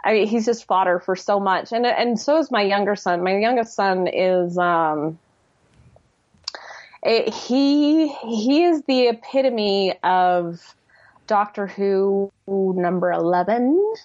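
A woman's voice: medium pitch, slow pace, a little mellow, no room sound. Woman in her forties, author guest, laughs a lot, dull muffled audio, dry close sound. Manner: laughing often, acts out quotes from her sons. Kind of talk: casual podcast chat.

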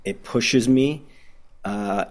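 Speaking very slowly at a medium pitch, a Midwestern-accented filmmaker from Detroit, Michigan, gives a casual interview. He's eager and meandering, frequently starting his sentences over.

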